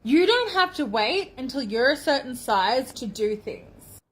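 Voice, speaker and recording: A woman's voice: high voice, sing-song, measured pace, a bit bright, breathy edge. A woman making a social media video, encouraging viewers directly in an upbeat way. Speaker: body positivity influencer.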